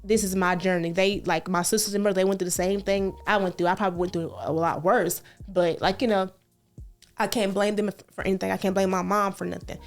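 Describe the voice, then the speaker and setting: A woman's voice: mid-range voice, brisk. Woman co-host, earnest, repeats herself; faint music behind. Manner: earnest, repeats phrases, reassuring, animated storytelling. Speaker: podcast co-host. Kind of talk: casual heartfelt podcast chat.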